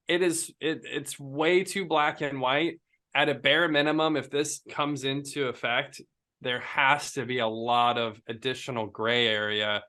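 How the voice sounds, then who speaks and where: Bright-voiced man on a podcast. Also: medium pitch, unhurried. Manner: animated, rambling, many "like" fillers. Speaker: podcast co-host. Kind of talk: casual podcast discussion.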